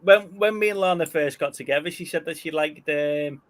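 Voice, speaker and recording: A man co-hosting a casual chat, telling a loose, easygoing story. His voice sits a touch high for a man. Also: brisk. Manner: chatty storyteller. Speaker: podcast co-host.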